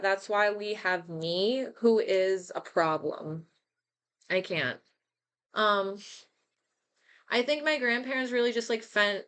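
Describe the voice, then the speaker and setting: A young woman talks live in a loose, rambling flow, swearing freely and breaking off into quick asides. Her voice is smooth and clear, at an ordinary middle pitch for a woman. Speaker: host. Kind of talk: casual livestream monologue.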